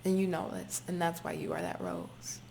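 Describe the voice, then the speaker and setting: A woman's voice: on the low side, big pitch swings, moderate pace, vocal fry, mellow, a little hiss or hum. A woman giving a spoken tarot reading to her viewers, talking emphatically, repeating herself and swearing freely. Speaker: tarot reader.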